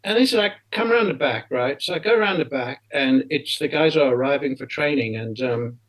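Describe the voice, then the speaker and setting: A South African man in his fifties, an interview guest telling a story in a casual, animated way and often tagging his lines with "right?". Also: medium pitch, brisk, rough recording.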